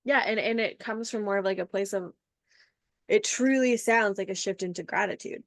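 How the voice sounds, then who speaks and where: Gravelly-voiced woman podcast host. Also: medium pitch, normal speed, no room sound, studio quality. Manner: warm, reflective, many fillers. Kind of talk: casual conversation.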